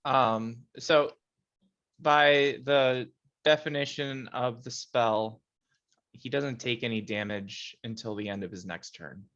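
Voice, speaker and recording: A man playing a tabletop game, narrating his character's turn slowly with hesitations. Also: mid-range voice, a bit bright, muffled recording. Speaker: player. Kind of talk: casual tabletop play.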